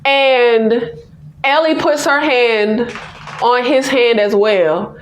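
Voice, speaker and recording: High-pitched, animated woman recapping a show. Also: extremely slow, reverberant, a little hiss or hum. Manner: animated, exclaiming, laughing, addresses viewers as "y'all". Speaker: TV episode reviewer. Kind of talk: excited casual recap.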